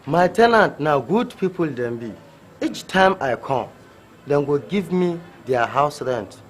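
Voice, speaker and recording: A blunt, plain-spoken landlord who speaks Pidgin with a Hausa accent. He talks slowly and deliberately in a somewhat high voice, with a faint ambient hum behind him. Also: expressive. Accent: Hausa-accented Nigerian Pidgin. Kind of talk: comedy film acting.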